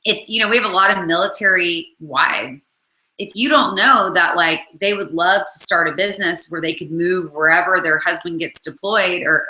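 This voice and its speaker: A woman's voice: fairly low pitch, bright, forceful tone, echoey room, poor audio. A woman network marketing coach talking casually to her followers, full of "um" and "like", with the hiccups. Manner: chatty, many fillers like "um" and "like". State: has the hiccups. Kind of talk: casual video talk to followers.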